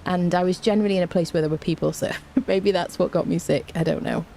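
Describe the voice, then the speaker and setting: A woman's voice: lowish voice, fairly even intonation, fast talker, vocal fry, dark tone, a little hiss or hum. A woman with a cold, chatting playfully with her live-stream viewers and greeting them by name from home. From Britain. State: has a cold. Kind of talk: casual live-stream chat. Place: indoors at home.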